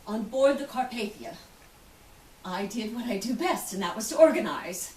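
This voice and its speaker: A woman's voice: a little high, lively intonation, normal speed, darkish tone, close to an everyday voice. An actress giving a theatrical first-person monologue as an outspoken, wealthy woman who survived the Titanic, telling the story vividly and acting out the voices of others. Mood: brisk. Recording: roomy, distant, faint hiss.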